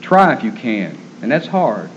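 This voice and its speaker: A man preaching a sermon in an earnest, gentle storytelling manner. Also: mid-range voice, sing-song, a little slow, slight background noise. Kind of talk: sermon on caring for the terminally ill. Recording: dull lo-fi recording.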